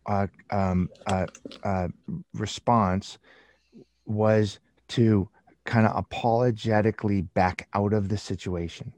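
A man's voice: fairly low pitch, slow, no echo. A man talking about his book in a conversation, acting out little scenes with lots of restarts and fillers. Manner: animated storyteller acting out scenes with many restarts. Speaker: author and guest. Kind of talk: casual interview talk.

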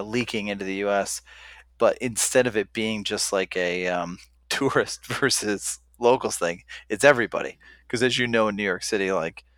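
A man with a fairly low voice talking in a loose, meandering way, pausing often on ums as he works through his thoughts. The recording is dry and close. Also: fairly bright tone, no room sound. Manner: rambling, hesitant with many ums. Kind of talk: casual conversation.

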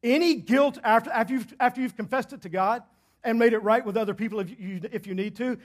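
A male pastor preaching a sermon in a church, emphatic and repeating his key points, swinging between loud and hushed delivery. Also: extremely high pitch, quick pace.

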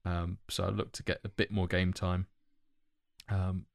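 A man's voice: low voice, level tone, a little slow, gravelly, no room sound, studio quality. A man co-hosting a casual podcast chat, talking in loose, self-correcting ramble with many fillers. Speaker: podcast co-host.

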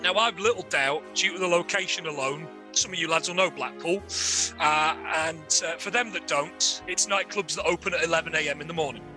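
A man telling a crude comic anecdote with lively relish. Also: on the high side, a little fast, music in the background. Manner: lively, laughs at own story, crude. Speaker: guest storyteller.

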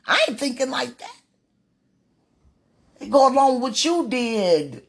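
A woman's voice: sits high, very animated, a little slow, creaky, noisy background. A woman, praying aloud in a fervent, pleading, rambling way and laughing between phrases. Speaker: religious speaker. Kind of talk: emotional spoken prayer.

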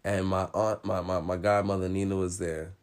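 A man's voice: low-pitched, level tone, moderate pace, clear, resonant tone. A young adult man talking in loose, slangy, profane casual chat while telling a story.

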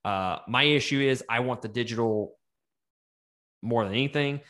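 Male co-host, middle pitch, loose and profane, casual movie-review banter. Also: moderate pace. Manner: animated, profane, laughs often. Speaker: podcast co-host.

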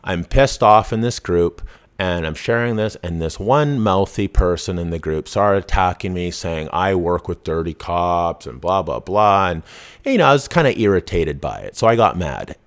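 A podcast host, talking in a blunt, profane, casual monologue full of restarts. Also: male voice, low-pitched, animated, moderate pace.

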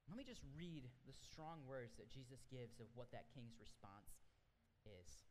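Male pastor, animated sermon, lively pitch, long hall reverb. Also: a little slow. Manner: animated, conversational. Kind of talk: sermon storytelling.

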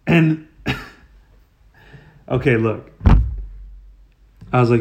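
A man's voice: medium pitch, normal speed, darkish tone. A man hosting a podcast who tells a story in a casual, comedic way, swearing freely, sounding exasperated and breaking into sudden outbursts. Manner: profane and exasperated, with rising outbursts. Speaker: podcast host.

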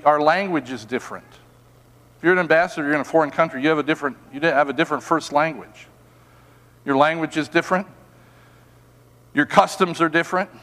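A man preaching a sermon as pastor in a church, animated, with rhetorical questions and soft, emphatic repeated words. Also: a little high, long reverb tail. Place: church sanctuary.

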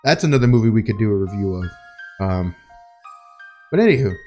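A man's voice: fairly low pitch, lively intonation, brisk, a little mellow, faint music behind. A man co-hosting a podcast, chatting casually, swearing and laughing as he rambles. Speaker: podcast co-host. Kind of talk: casual chat.

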